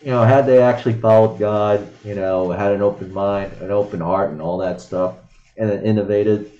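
Low-voiced guy rambling thru crypto headlines, sarcastic, swears a lot, roomy dull-sounding mic. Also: fairly even intonation, normal speed, mellow. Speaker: host reading and commenting on crypto news. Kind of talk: casual news commentary.

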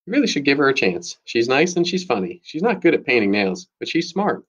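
A man's voice: medium pitch, sing-song, fairly quick, fairly bright tone, slightly rough, dull audio, voice pushed up. A man voicing an earnest schoolgirl. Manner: earnest, pleading. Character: earnest loyal middle-school girl.

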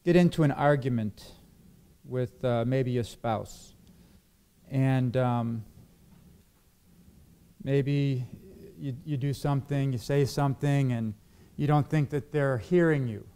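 A man's voice: medium pitch, slow pace, long pauses, mellow, smooth. A man preaching a sermon to a congregation. He asks his listeners questions and acts out quoted arguments. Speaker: pastor.

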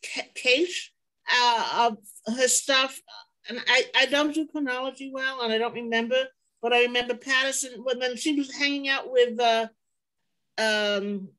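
An older woman recalling her mother in conversation, pausing often to search for words. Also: fairly high pitch, steady tone, bright, forceful tone, low-quality recording. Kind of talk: conversational recollection.

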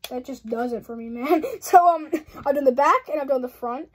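A woman's voice: high-pitched, normal speed. A young woman casually talking through a model build on her channel, giggling often and rambling with frequent apologies. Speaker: hobby channel host.

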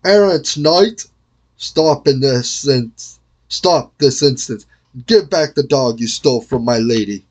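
A man reading aloud, voicing a fierce knight who shouts a slow, loud challenge. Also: medium pitch, natural voice. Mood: commanding. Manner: loud, commanding, drawn out.

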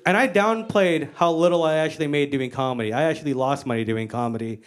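A woman's voice: low-pitched, fast, slight background noise. An American woman doing a stand-up comedy set on stage, brash, profane and self-mocking. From United States. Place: comedy stage before a live audience.

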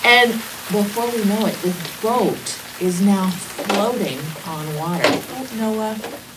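A woman teaching Sunday school, telling a Bible story to children expressively, slowing for emphasis and dropping to whispers. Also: mid-range voice, background noise.

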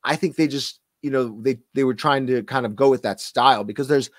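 A man's voice: mid-range voice, a little fast, no echo, clean studio sound. A man being interviewed on a radio show, rambling and hesitating through his answers. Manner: rambling, hesitant, full of fillers. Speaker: guest actor.

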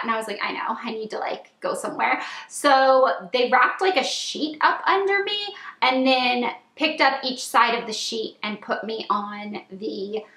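A woman in her twenties telling a long storytime vlog, chatty and animated, with lots of "like" and squealed quotes. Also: a little high, a little slow, roomy sound. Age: 20s. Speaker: vlogger.

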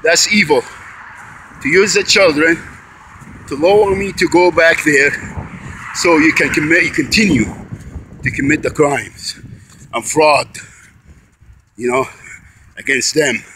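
A man's voice: fairly high pitch, a little slow, long pauses, bright, forceful tone, a little hiss or hum, poor audio. A man out of breath, walking a bike uphill outdoors and angrily accusing, with many restarts and repeated words. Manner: accusing, repetitive, stops and restarts often. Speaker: vlogger. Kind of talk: angry recorded monologue.

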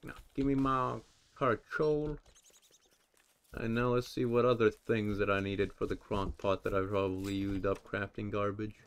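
A young man commenting on a survival game as he plays, rambling and joking with sudden yelled outbursts. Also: fairly low pitch, fairly even intonation, normal speed, clear, resonant tone. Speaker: gameplay commentator. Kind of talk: let's play commentary.

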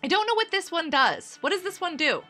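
A woman's voice: extremely high pitch, lively intonation, a little fast, sharp tone, soft background music. A woman streaming a game live, chatting with her viewers in a bubbly, giggly way. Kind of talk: casual live-stream chatter while gaming.

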